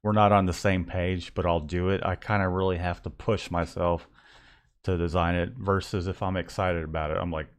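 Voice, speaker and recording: A man's voice: deep voice, little pitch movement, normal speed. A young man co-hosting a casual live stream about his print shop, often stumbling and repeating words as he starts a thought. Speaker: co-host of a live business show.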